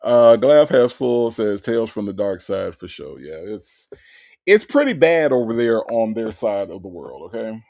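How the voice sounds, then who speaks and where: A man hosting a live stream in casual, blunt commentary. His voice is gravelly, his pitch leaps around freely, and he talks with coarse language and a ready laugh. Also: normal speed. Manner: animated, blunt, profane, laughs often. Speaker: livestream host.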